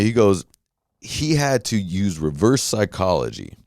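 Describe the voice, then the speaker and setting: Low-voiced man ranting a story. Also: dry recording, clean studio sound. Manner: rambling, animated retelling with quoted voices and profanity. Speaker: podcast host. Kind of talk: casual storytelling rant.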